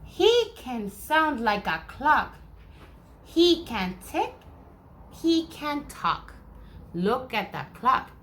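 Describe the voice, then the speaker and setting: Woman, first grade teacher, slow sing-song read-aloud, bright tone, faint background noise. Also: high-pitched, sing-song. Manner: slow, sing-song and encouraging, acting out sounds. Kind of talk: reading a picture book aloud to young children.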